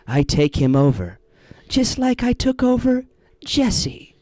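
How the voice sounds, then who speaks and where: Guy doing a possessed creep voice, slow and whispery, a bit higher than his own. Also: huge pitch swings, mellow, dry recording, exaggerated voice. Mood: sinister. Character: man possessed by a sinister ancient entity.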